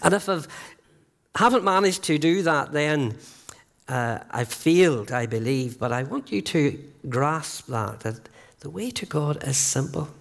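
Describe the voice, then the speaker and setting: A man's voice: on the high side, expressive, vocal fry, a bit bright. Earnest male preacher giving a sermon. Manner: earnest, emphatic, slows down on key phrases. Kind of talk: evangelistic sermon. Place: church sanctuary.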